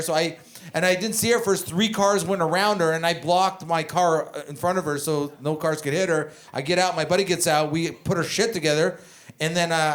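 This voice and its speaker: A man from Canada doing a stand-up comedy set, telling rambling, profane stories on a club stage. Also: high voice. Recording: comedy club with audience laughter.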